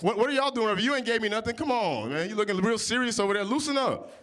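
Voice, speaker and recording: A man in his early thirties doing improvised stand-up comedy on audience topics, with big jumps in pitch when he quotes people. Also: fast talker. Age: 30s. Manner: animated, jumps high for quoted voices. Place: comedy club stage. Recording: live venue with audience.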